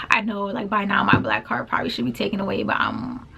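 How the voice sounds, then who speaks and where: A woman's voice: medium pitch, vocal fry, sharp tone, husky. A young woman vlogger casually retelling a personal story, full of filler words and quoted back-and-forth exchanges. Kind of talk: storytime vlog.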